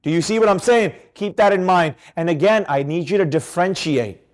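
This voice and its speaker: High-voiced, animated male trading instructor. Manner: animated, emphatic, quizzes students with rapid questions. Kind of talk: live trading class discussion.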